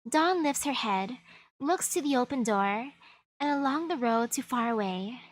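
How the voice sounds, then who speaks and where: A woman streaming a video game, reading its dialogue aloud in a playful, animated way and adding her own commentary. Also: on the high side, unhurried, no echo. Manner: playful, animated, switches voices for characters.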